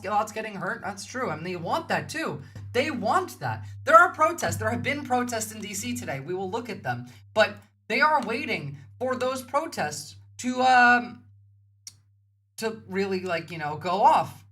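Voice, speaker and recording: A woman's voice: fairly high pitch, expressive, moderate pace, bright, forceful tone. A woman, giving blunt, heated livestream commentary and swearing freely. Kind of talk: casual reaction commentary.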